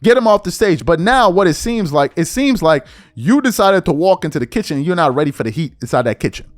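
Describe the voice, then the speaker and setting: A man with a high, very lively voice delivers emphatic, slangy opinion commentary, sometimes mocking others. His voice is recorded close and dry, with faint music underneath. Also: fast, no echo. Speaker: commentary host.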